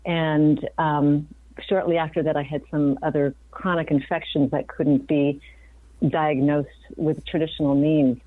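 A woman's voice: low-pitched, flat delivery, unhurried, no echo. A woman in her fifties, a physician guest on an interview, talking earnestly and reflectively, often restarting her sentences. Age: 50s. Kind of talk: conversational interview. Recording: dry, phone-like remote audio.

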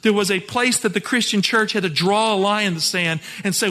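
High-voiced pastor preaching in a hall. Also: male voice, fairly even intonation, a little fast, few pauses, bright, forceful tone. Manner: earnest, emphatic preaching with Bible citations. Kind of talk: sermon.

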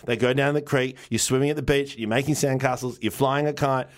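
A man's voice: mid-range voice, fairly even intonation, fairly quick. Rambling man telling stories. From Australia. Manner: rambling storyteller, restarts sentences, laughs often; swears casually. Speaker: podcast co-host. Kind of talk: casual chat.

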